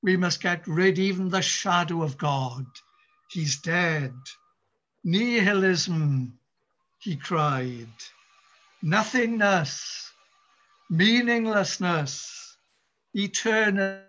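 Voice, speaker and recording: A man preaches a sermon, his voice high for a man and his delivery slow and deliberate. He repeats phrases for weight and lets dramatic pauses hang. The church recording sounds dull and lo-fi. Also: a bit bright. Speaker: pastor.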